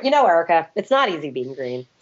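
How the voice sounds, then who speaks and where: A woman's voice: sits low, big pitch swings, quick pace. A woman co-hosting a casual chat, rambling and hedging with lots of "I don't know"s. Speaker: podcast co-host. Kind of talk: casual chat reviewing TV episodes. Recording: dull lo-fi podcast recording.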